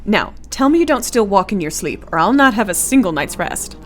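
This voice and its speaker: A woman playing a steady young English woman in a radio play, gentle and lightly teasing. Her voice is mid-pitched and calm, and she sounds like the reassuring friend. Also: a little fast, faint music behind. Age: young adult.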